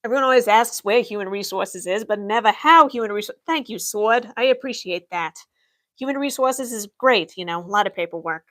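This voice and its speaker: Playing an Imperial office worker on stream, a young woman answers viewer questions in character with deadpan, matter-of-fact wit. Her medium-pitched voice is a bit bright and a little fast, with hardly any pauses.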